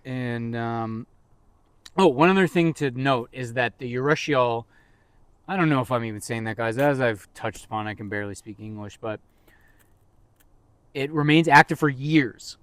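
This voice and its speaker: A man's voice: medium pitch, moderate pace, long pauses, clear, resonant tone, dry recording. A man co-hosting a podcast in casual chat, rambling and teasing his co-host with jokes.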